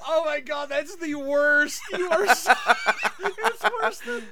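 Excitable man co-hosting a podcast. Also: very high-pitched, slow. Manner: excitable, swearing, laughing often. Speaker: podcast co-host. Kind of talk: casual chat.

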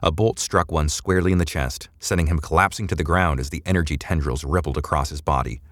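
A man narrating a sci-fi audio serial in a measured, dramatic reading. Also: very deep voice, fairly bright tone, dry recording, studio quality. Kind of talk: scripted narration.

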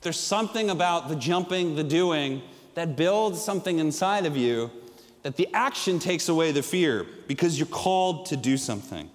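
A middle-aged male pastor preaching a sermon, telling stories with energy and swinging from loud to hushed. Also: a little high, expressive, normal speed, long reverb tail.

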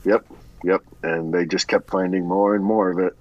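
A man's voice: sits low, fairly even intonation, normal speed, dull audio. A man in casual podcast chat, answering in short, laid-back replies.

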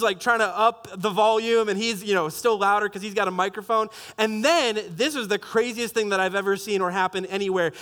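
A young adult man telling a story in a sermon, animated and self-mocking, with many restarts. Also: extremely high pitch. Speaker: pastor.

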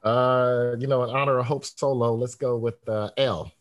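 A man's voice: medium pitch, fairly even intonation, moderate pace. Man, podcast co-host, teasing, laughing, casual banter. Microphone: studio mic.

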